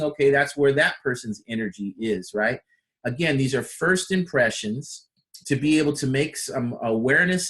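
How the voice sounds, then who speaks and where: A man giving a personal development training talk in a loose, conversational way, often acting out short example voices with lots of fillers. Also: mid-range voice. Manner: many fillers and restarts, animated.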